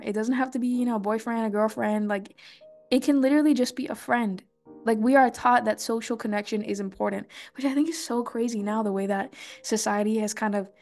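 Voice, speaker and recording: Gravelly-edged young woman, earnest chat. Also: mid-range voice. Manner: chatty and earnest, many fillers, soft self-soothing asides. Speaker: podcast host. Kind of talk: casual personal monologue.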